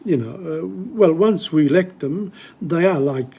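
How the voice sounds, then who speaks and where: A man hosting a live-streamed literature lesson, speaking casually, often pausing mid-sentence to search for words. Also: on the high side, creaky, mellow, husky. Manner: switches between English and Italian.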